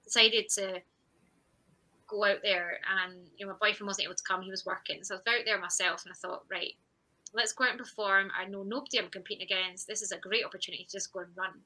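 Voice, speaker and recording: A woman guest on a podcast, relaxed and chatty. Her voice is very bright and sharp. She tells her story with animation and slips into her own past thoughts as she goes. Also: medium pitch, quick pace, poor audio. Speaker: guest, champion sprinter. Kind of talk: conversational podcast interview.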